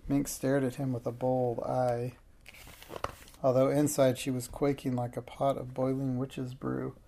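A man narrating a children's storybook in a steady, plain reading voice. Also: medium pitch, a little slow, vocal fry, slight background noise.

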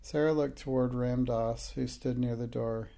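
A man reading an audiobook in a steady, measured narration. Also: mid-range voice, gravelly. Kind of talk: scripted narration.

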